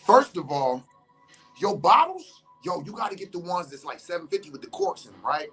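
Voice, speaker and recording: Over soft background music, a man with a high-pitched, sing-song, fairly bright voice speaks at normal speed. He's recounting an encounter in casual slang, swearing freely and imitating what others said.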